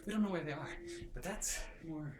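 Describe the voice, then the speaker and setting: A hyper young man retelling a movie in a casual, excited way, laughing and making sound effects, filmed on his sister's phone. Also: on the high side, fairly quick. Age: young adult. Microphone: phone held by his sister. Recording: roomy and far from the phone, with music.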